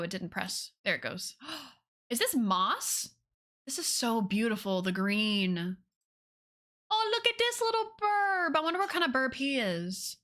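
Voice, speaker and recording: A young woman chats casually with viewers on a live stream, bubbly and gushing, her voice swooping up high when she gets excited.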